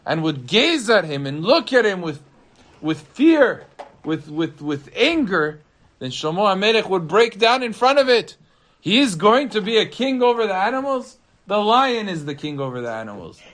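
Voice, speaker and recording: A man, a rabbi, telling a story to listeners with animated, dramatic swings of pitch and loudness.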